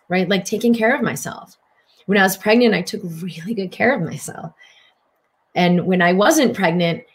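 A middle-aged woman giving a casual spiritual wellness talk in gentle, flowing, affirmation-like phrasing. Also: on the low side. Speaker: wellness speaker.

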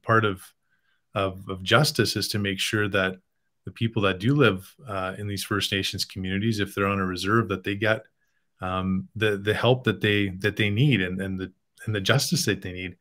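A man from Canada speaks as a guest in a podcast conversation, with a fairly low voice. He talks earnestly and at a measured pace. He works through his points with small fillers. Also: steady tone, fairly bright tone.

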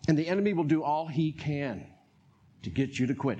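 A man with a North Carolina accent preaching a sermon as pastor, animated, laughing often and acting out voices. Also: medium pitch, a little fast, highs cut off, a little hiss or hum.

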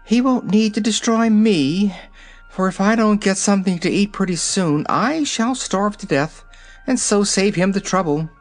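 A man reading aloud, voicing a hungry, sulky female kitten in a soft, purring way. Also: sits high, normal speed, soft background music, pitched above the performer's own voice, close to an everyday voice. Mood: peevish.

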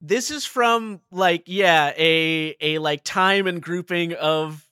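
Slow, high-voiced joking man. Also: sharp tone, clear, resonant tone, dry recording, studio quality. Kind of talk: casual podcast chat.

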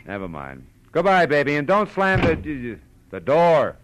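A wisecracking hard-boiled private eye, world-weary and wry, with a lowish voice in a 1940s radio drama. Faint music sits under his lines, like an old broadcast. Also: animated, a little fast, a bit bright. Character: hard-boiled male private detective, wry, dry-witted. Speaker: narrator and lead.

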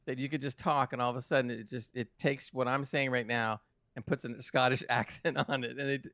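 A man's voice: medium pitch, fairly even intonation, fairly quick, a bit bright, no room sound, clean studio sound. A man in casual banter who argues passionately and repeats himself when worked up.

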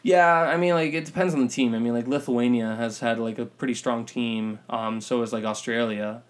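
A man's voice: medium pitch, steady tone, brisk. A man co-hosting a casual basketball podcast. He is opinionated and contrarian, with lots of fillers. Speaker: podcast co-host. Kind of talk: casual sports chat.

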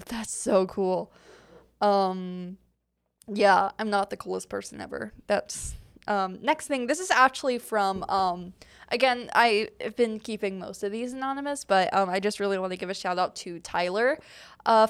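Young woman host, casual solo Q&A, chatty and rambling, smooth voice, dry room. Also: medium pitch, no room sound. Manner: rambling, giggly, lots of fillers. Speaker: podcast host.

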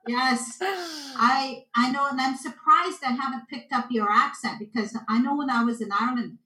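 A woman's voice: high-pitched, normal speed. A woman with a Canadian accent, a guest telling stories in a casual interview and acting out the voices of the people in them. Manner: animated storyteller, acts out voices. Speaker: guest intuitive. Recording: echoey room.

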